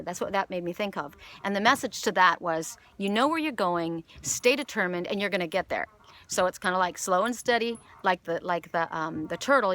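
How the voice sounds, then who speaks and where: A woman from Canada giving an oracle card reading outdoors by the water, telling a story in a rambling, animated way with many restarts. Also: medium pitch. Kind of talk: casual spiritual message. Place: outdoors by water with jumping fish.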